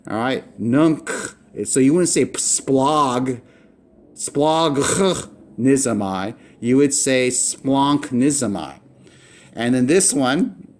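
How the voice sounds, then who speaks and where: A man teaching a recorded language lesson, explaining patiently with many fillers and restarts and slowing down to sound out each word carefully. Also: medium pitch. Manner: slows down to sound out words carefully.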